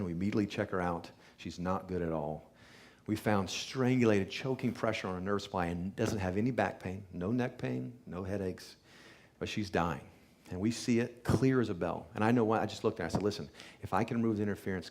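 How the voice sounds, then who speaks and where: Earnest low-voiced man telling a patient story. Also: a little mellow. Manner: earnest testimonial storytelling, acts out quoted speech. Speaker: chiropractor speaking to patients. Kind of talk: storytelling talk to a live audience.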